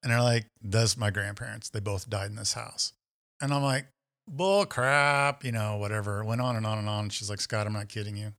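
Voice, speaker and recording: A man's voice: on the low side, moderate pace. A man on a podcast telling a story in casual chat, acting out the voices of the people in it. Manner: animated storyteller, acts out quoted voices.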